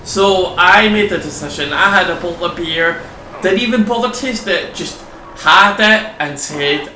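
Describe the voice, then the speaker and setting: A gameplay host with a high-pitched, bright, forceful voice talks at a measured pace as he plays, rambling, swearing and frequently laughing. He's recorded through a desk mic in an echoey room carrying a faint hum.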